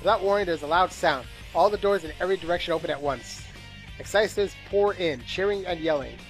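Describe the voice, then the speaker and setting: A man's voice: high voice, quick pace, soft background music. A man reading a game's narration aloud during a playthrough, tired and bored, with small slips and asides. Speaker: gameplay commentator reading game text aloud.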